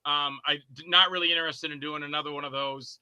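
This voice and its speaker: A man's voice: on the high side, fairly even intonation, fast, bright, forceful tone, smooth, no room sound, lo-fi sound. A man guesting on a podcast, a filmmaker telling rambling anecdotes about his movies and acting out scenes in character voices. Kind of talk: casual anecdotes.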